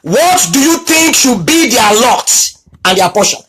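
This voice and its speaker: High-voiced preacher. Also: male voice, big pitch swings, unhurried, fairly bright tone, slight background noise, rough recording. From Nigeria. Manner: emphatic, repeats key phrases. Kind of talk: sermon with storytelling.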